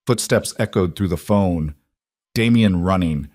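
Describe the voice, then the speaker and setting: A man giving steady, suspenseful scripted narration of a dramatic story. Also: lowish voice, normal speed, no room sound, clean studio sound.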